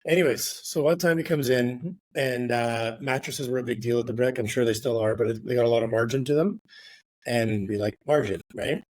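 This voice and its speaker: A middle-aged man tells a work story in an easy, rambling way, leaning on fillers and a habitual "right?", with the odd curse word. His voice sits at an ordinary middle pitch. The recording is dry and close, with no room sound around him. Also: fairly quick, no echo. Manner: rambling, filler-heavy, swears, ends with "right?". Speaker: real estate agent guest. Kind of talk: casual storytelling interview.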